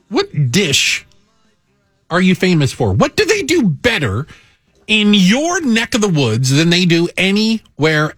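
A man's voice: sits high, fairly bright tone, slightly rough, no room sound. A man co-hosting morning radio in a studio, wry and jokey. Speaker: radio co-host. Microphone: close studio mic.

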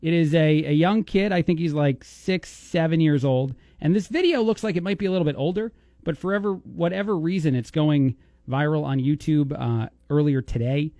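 Brief: New York man, radio host, higher voice, dry close studio sound, teasing banter. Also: dark tone, no echo. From East Coast of the US. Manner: playful, teasing, quick joking. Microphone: studio microphone.

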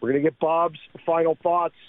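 Male golf radio co-host with a slightly high voice who rambles, dry lo-fi audio. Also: flat delivery, a little fast, no room sound. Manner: rambling, many fillers. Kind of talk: casual radio chat.

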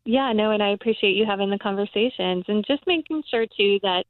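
A woman's voice: mid-range voice, brisk, no echo. A woman appearing as a guest, speaking earnestly and with conviction in a casual chat. Her voice comes through a thin, tinny line that sounds like a phone, dry, with no room sound. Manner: earnest, advocating.

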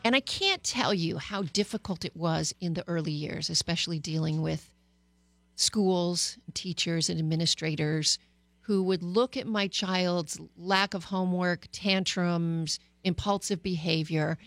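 A woman's voice: fairly low pitch, measured pace, dry recording. A middle-aged woman psychologist hosting a talk radio show, speaking candidly and personally with frequent hesitations. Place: radio studio.

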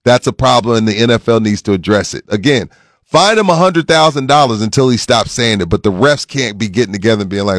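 A man in his forties hosting a sports radio show, talking in lively banter that turns loud and laughing when he gets riled up. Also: on the low side, brisk, dry recording, clean studio sound. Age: 40s. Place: radio studio. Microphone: studio mic.

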